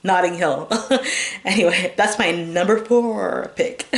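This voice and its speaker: A woman's voice: medium pitch, takes it slowly. A woman hosting her own movie review channel, talking casually in a rambling, chatty way with lots of fillers and little giggles. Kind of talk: casual chat.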